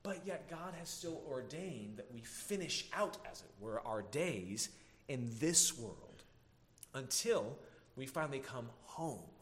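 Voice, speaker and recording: A man preaching an earnest sermon as a pastor, slowing down to stress key words. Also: mid-range voice, animated, a bit bright. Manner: earnest preaching, slows down for emphasis.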